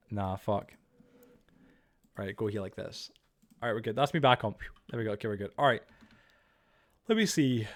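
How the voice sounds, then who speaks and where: This man live-streams a game while chatting casually with friends, rambling with plenty of "like" and "bro" and teasing them as he jokes around. His voice is lowish and expressive, his pace moderate, broken by long pauses.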